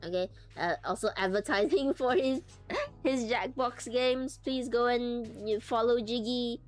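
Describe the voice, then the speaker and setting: A woman's voice: on the high side, normal speed, soft background music. A young woman streaming live, chatting casually and thinking aloud with giggles as she works on a craft.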